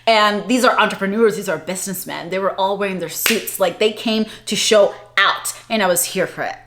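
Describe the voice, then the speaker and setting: A young adult woman vlogging, telling a story in a chatty, animated way and laughing often. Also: medium pitch, fairly quick, background noise. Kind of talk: casual storytelling vlog.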